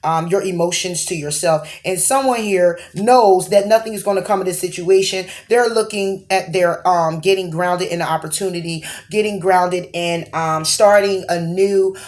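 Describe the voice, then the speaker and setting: A woman's voice: on the low side, fairly even intonation, normal speed, hardly any pauses, darkish tone. A woman giving a tarot reading to camera, rambling, rephrasing as she goes and checking in with a questioning "okay?". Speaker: tarot card reader.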